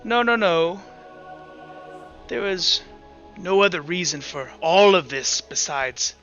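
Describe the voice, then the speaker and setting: A man putting on a cruel, power-hungry tyrant queen from a tabletop game, drawing out every word in a slow, looming delivery with a bright, forceful edge. The recording is a bit dull, with faint music underneath. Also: sits high, expressive, full character voice. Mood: cold. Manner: slow, drawn-out, looming speech.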